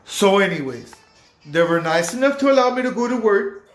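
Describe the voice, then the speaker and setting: A man's voice: high voice, sing-song, moderate pace, reverberant, slight background noise. A man telling a personal story to camera in casual, profane street slang. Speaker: vlogger recounting a recovery-home stay.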